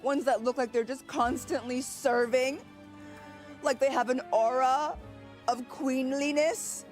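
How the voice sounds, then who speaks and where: A woman's voice: sits high, steady tone, a little slow, darkish tone. A woman streaming a video game, gushing and squealing as she comments on her play. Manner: gushing, squealing, laughs often. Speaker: gaming streamer. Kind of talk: excited let's-play commentary. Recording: game music playing behind her.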